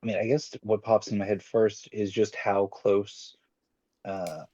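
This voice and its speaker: A man's voice: fairly low pitch, flat delivery, unhurried, dark tone, dry recording. A man playing a tabletop game, thinking aloud with fillers as he answers the game master. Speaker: player. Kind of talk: tabletop role-play chat. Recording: dull lo-fi mic.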